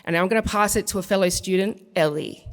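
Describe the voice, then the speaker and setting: A woman's voice: mid-range voice, fast. A young woman, a student, giving an earnest prepared presentation speech in a large hall. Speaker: student speaker. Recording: long hall reverb.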